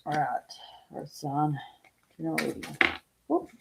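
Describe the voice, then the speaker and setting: Gravelly-voiced woman reading tarot live. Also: sits low, level tone, a little slow, very noisy. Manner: chatty, talks to viewers by name, thinks aloud while laying out cards. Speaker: tarot reader. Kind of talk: casual live-stream chat.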